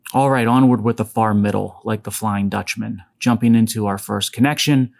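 A man from Western Pennsylvania hosts a solo podcast with a fairly low, gravelly, darkish voice, fairly even intonation and a moderate pace. He talks casually, tossing in wry asides, and his local accent is faint and mostly masked.

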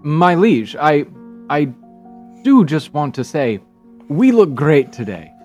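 A man voicing a flirtatious shapeshifting bard in a theatrical, flattering manner. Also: medium pitch, takes it slowly, soft background music, lightly acted.

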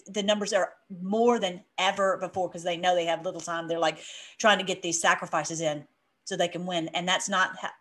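A woman giving an informal Bible teaching online, animated, laughing often as she reads and comments on scripture. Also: medium pitch. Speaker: online preacher.

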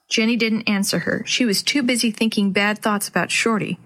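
A woman reading a chapter book aloud to children as host, with clear, expressive storytelling. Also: medium pitch, a little fast.

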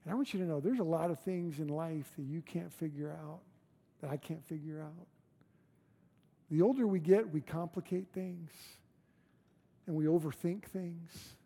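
A man's voice: on the high side, normal speed, vocal fry, warm tone, husky. A man preaching a sermon as pastor in a church, conversational and emphatic, with repeated phrases. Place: church sanctuary.

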